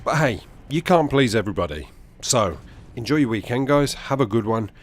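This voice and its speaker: A young man telling a personal anecdote over gameplay, as a gaming video host. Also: medium pitch. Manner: animated, quick anecdotal storytelling.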